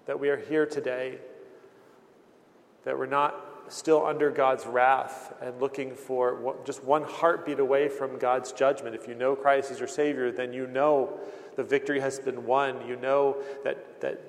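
A man's voice: medium pitch, level tone, measured pace, vocal fry. A man preaching a sermon in an earnest, plain-spoken way, often restarting his phrases. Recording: long hall reverb.

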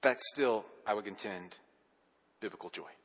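A man preaching a sermon as pastor, telling stories with animation and then dropping to a soft, earnest hush. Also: fairly low pitch, normal speed, breathy edge, long reverb tail.

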